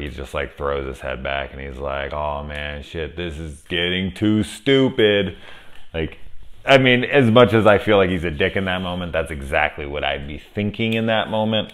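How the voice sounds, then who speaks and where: A man's voice: a bass voice, moderate pace, fairly bright tone. A man casually reviewing a horror film on camera, rambling, swearing freely and gushing with enthusiasm. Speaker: movie reviewer. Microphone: camera setup at home.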